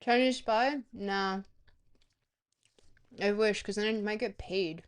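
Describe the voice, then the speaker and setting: A woman's voice: mid-range voice, slow pace, smooth. A woman streamer in a casual livestream chat, goofy and rambling, swearing freely.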